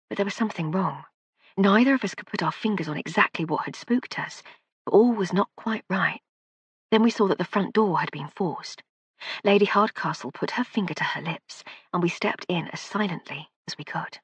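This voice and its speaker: A woman reading a first-person story aloud, in measured audiobook narration on a close studio mic. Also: on the low side, slightly rough, no room sound.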